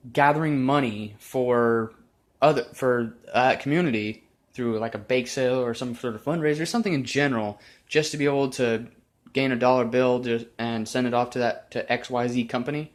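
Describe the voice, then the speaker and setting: A man vlogging an unscripted, sarcastic rant, full of exasperated repetition and challenges to his viewers. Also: mid-range voice. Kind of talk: unscripted ranting monologue.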